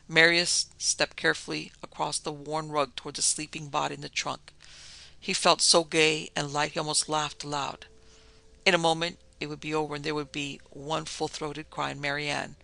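A man narrating a classic horror story in a measured, dramatic storytelling manner. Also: a little high, gravelly, bright, forceful tone, no echo. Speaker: podcast narrator.

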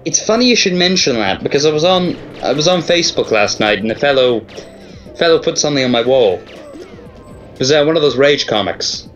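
A man's voice: a little high, expressive, a little fast, a bit bright. A man co-hosting a let's play, chatting casually and adding dry, wry asides. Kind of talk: casual gaming commentary. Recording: dull lo-fi mic, faint music.

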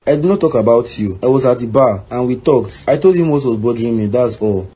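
Man voicing a curt husband in a cartoon, raspy and mellow. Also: medium pitch, expressive, a little fast, lo-fi sound. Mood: dismissive. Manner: curt, dismissive. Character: defensive husband, King.

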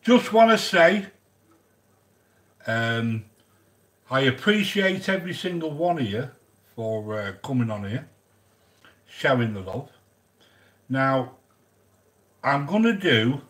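A man's voice: mid-range voice, animated, takes it slowly, pauses often, a bit bright. A man chatting casually while hosting a cooking vlog, rambling and joking and greeting viewers by name. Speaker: cooking channel host.

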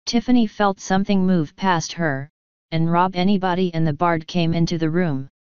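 Female audiobook narrator, low crisp voice, dull lo-fi recording. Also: normal speed, darkish tone, dry recording. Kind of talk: scripted narration.

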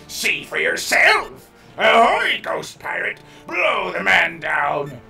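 A man voicing a blustering old pirate captain, growling his lines in gruff pirate talk. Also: high-pitched, sharp tone, roomy sound, distant mic, pitched below the performer's own voice, full character voice.

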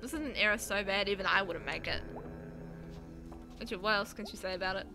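A woman's voice: medium pitch, brisk, gravelly, over music. A young woman in her late teens chatting casually and rambling while playing a video game. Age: young adult. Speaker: let's play host.

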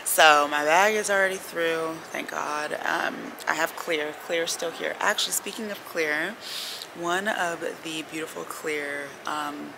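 A young woman with a deep, gravelly voice vlogs to camera in a noisy airport terminal, speaking unhurriedly. She rambles in slangy, casual chat while announcements and general bustle carry on around her.

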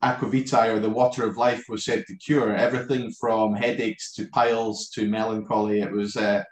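A man's voice: lowish voice, flat delivery, normal speed. Man, distillery representative, casual product talk, rambling, echoey room, video call. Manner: rambling, with frequent restarts. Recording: roomy echo on a video call.

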